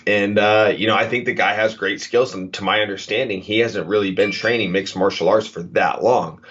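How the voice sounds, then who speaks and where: Man, 30s, very low voice, earnest rambling guest, lo-fi call audio. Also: steady tone, a little fast, fairly bright tone. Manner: earnest, rambling with many fillers. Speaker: guest fighter. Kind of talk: casual interview chat. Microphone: video call. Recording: dull lo-fi video call audio.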